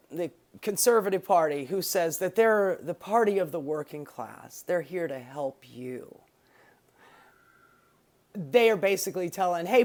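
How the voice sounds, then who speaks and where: A woman hosting a podcast of profane, sarcastic political commentary. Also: mid-range voice. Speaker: podcast host.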